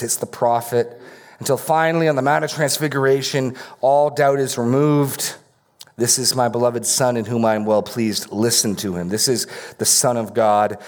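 A man preaching a verse-by-verse sermon as pastor, repeating key phrases for emphasis. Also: mid-range voice. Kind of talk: expository sermon.

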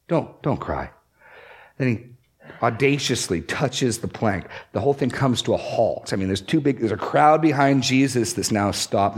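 A man preaching a sermon, expository and emphatic, pushing up and dropping down to stress key words. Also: medium pitch. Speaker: pastor.

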